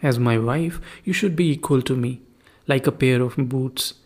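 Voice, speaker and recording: Preachy proud poor husband read by a man, lecturing storybook voice, gravelly. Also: mid-range voice, moderate pace, darkish tone, close to an everyday voice. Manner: lecturing, sermonizing.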